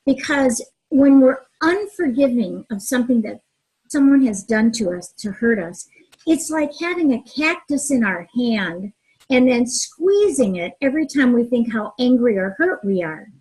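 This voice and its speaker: A middle-aged woman with a high, airy, husky voice, speaking earnestly as a mediator and relationship author. She answers interview questions with feeling and tells stories from her own life. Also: unhurried, rough recording. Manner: earnest, expressive storyteller who acts out dialogue. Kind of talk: interview answers with personal anecdotes.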